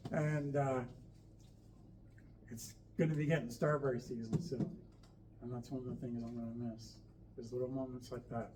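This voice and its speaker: A man giving a eulogy for his mother at a memorial, speaking with heartfelt, reflective warmth and gentle humor while telling family stories. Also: medium pitch, animated, takes it slowly, pauses often. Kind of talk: memorial speech and storytelling. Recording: distant mic in a hall with faint background noise.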